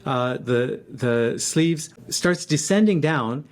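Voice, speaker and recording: A man in his fifties telling a personal story in a reflective, halting way, with frequent restarts. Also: medium pitch, animated.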